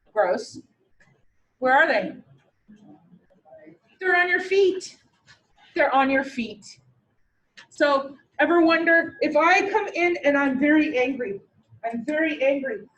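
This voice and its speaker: A woman teaching a classroom lecture, lively, asking her students questions and answering them herself. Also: high voice, muffled recording.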